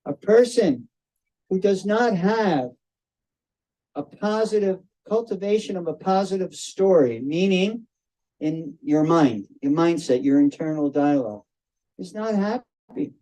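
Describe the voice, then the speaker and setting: An older man giving a devotional talk to a group over a video call, telling stories slowly and circling back on his phrases. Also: sits high, animated, mellow, poor audio. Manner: slow, storytelling, repeats and restarts phrases. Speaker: spiritual teacher.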